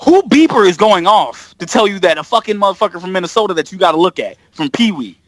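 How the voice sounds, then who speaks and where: A man in casual podcast chat, telling a story with lots of swearing and quick impressions of people. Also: high-pitched, no echo. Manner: animated, profane storytelling with impressions. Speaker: podcast guest.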